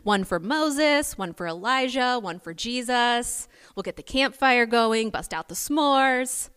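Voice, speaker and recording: A woman voicing an eager, excited young male disciple, gushing and bubbly during a sermon. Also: on the high side, slow, clear, resonant tone, pitched above the performer's own voice. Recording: long hall reverb.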